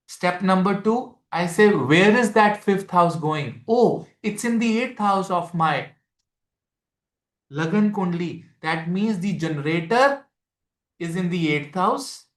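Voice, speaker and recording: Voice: mid-range voice, a bit bright. An astrology teacher with an Indian accent giving a live class, explaining step by step, repeating key phrases and mixing Hindi into English while quizzing students. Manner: addresses students directly with questions. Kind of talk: live masterclass lecture. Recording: echoey room.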